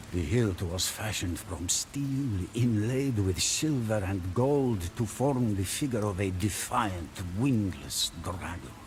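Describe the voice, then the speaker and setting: Slow, measured male game narrator. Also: on the low side, noisy background. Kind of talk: scripted story narration.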